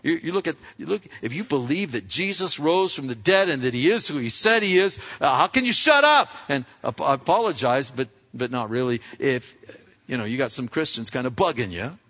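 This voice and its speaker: A male pastor preaching a lively sermon, acting out scenes and firing questions at his congregation. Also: medium pitch, a little fast. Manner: animated, acts out scenes, asks the audience questions. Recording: echoey hall, dull lo-fi sound.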